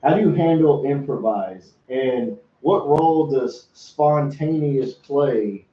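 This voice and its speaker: A man's voice: medium pitch, slow pace, echoey room, highs cut off. A man hosting a casual podcast, laughing often and swearing freely. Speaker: podcast host.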